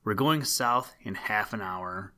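Storybook figure: hoarse, gruff, good-natured drake, low-voiced, read by a man. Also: takes it slowly, sharp tone.

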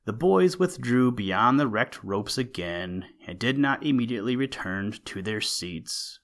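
A man narrating an old-fashioned school story in a steady, expressive reading. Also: medium pitch, unhurried.

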